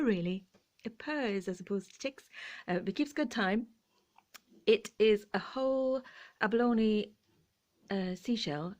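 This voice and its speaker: A woman chatting casually as she shows off her thrift finds, often dropping into soft whispers and laughing. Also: fairly high pitch, measured pace. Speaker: vlogger showing thrift finds. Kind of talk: casual chat.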